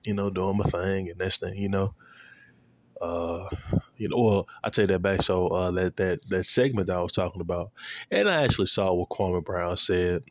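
Deep-voiced young man rambling casually. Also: moderate pace, dry recording. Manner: loose, profane, full of fillers and slang. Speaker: vlogger.

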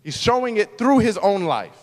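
A man pastor preaching a sermon, moving between loud, emphatic lines and hushed, quiet ones. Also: high-pitched, big pitch swings, normal speed, long reverb tail.

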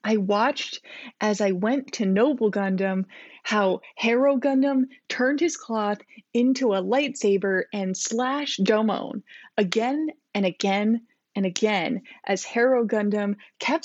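A woman's voice: medium pitch, slow pace, dry recording. A woman co-hosting a podcast, reading her childhood fanfiction aloud and laughing at her own writing. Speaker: podcast co-host. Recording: dull lo-fi recording.

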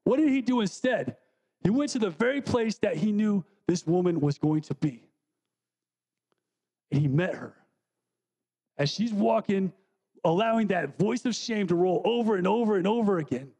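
High-voiced man preaching a sermon. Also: expressive, normal speed, long pauses, warm tone. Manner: conversational, asks the congregation questions. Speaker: guest preacher. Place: church sanctuary.

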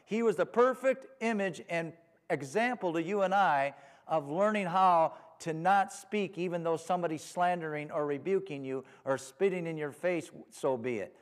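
Male preacher, high voice, hall reverb; sermon with call-and-response amens. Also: moderate pace.

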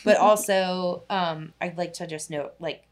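A woman's voice: lowish voice, fairly even intonation, unhurried. A young woman, a social worker, telling a long personal story in casual chat, full of "like" and the odd swear word. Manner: rambling storytelling, heavy use of "like", casual swearing.

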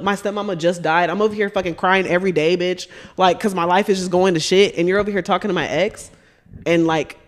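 Profane, animated woman telling a story. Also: mid-range voice. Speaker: podcast guest. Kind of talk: casual storytelling chat.

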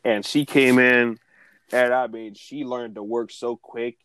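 A man's voice: mid-range voice, steady tone, measured pace, a bit bright, no room sound, poor audio. Casual man with a dry close sound. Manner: filler-heavy, loose storytelling with lots of "like". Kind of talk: casual chat.

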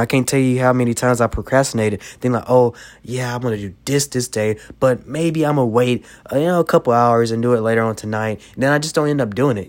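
A young man hosts a casual podcast, rambling through advice and leaning on "you know" again and again. He is sick, and a cough breaks in now and then. His voice sits at an ordinary middle pitch. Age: young adult. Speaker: podcast host.

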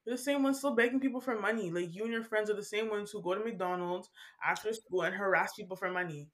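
A young woman, telling animated, profane stories from her school days in casual chat. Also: mid-range voice, quick pace. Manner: animated storytelling with acted-out quotes, profane. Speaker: podcast co-host.

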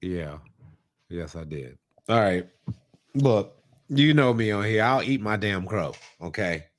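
A man's voice: fairly low pitch, expressive, slow pace. Laid-back teasing podcast co-host man. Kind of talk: casual comedy podcast chat.

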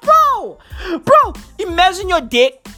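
High, lively woman ranting. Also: measured pace, soft background music. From South Africa. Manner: slangy, swearing, laughs loudly at own jokes. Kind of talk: profane ranting monologue. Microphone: microphone.

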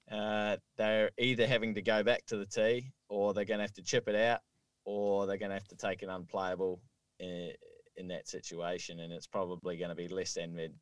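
Male podcast co-host, low voice, slightly off-mic in a dry room, explains patiently. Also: dry recording, distant mic. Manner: explains rules step by step, with many fillers. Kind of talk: casual chat.

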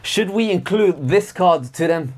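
A man's voice: high voice, lively intonation, a little slow, darkish tone. A man co-hosting a casual chat, opinionated and given to ranting. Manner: opinionated, ranting about gadgets. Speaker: co-host.

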